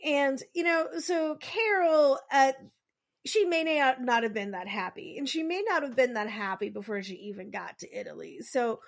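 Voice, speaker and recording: A woman's voice: sits high, normal speed, creaky. A woman casually telling a true story on a podcast, rambling with lots of filler words and acting out quotes.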